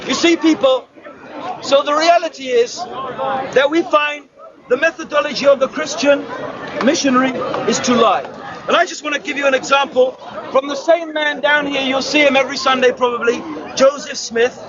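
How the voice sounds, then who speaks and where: A man giving a fervent open-air speech to a crowd, often shouting and throwing rhetorical "huh?" questions at his listeners. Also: very high voice, steady tone, normal speed, background noise. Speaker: street preacher. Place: outdoor public speaking spot in a city park. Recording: dull lo-fi outdoor recording with crowd.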